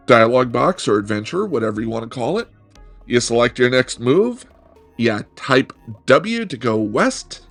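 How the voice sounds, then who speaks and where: A man's voice: medium pitch, fairly bright tone. A middle-aged man hosting a video game review, talking in a wry, joking way that rambles with self-corrections. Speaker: game reviewer, channel host. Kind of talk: casual game review monologue.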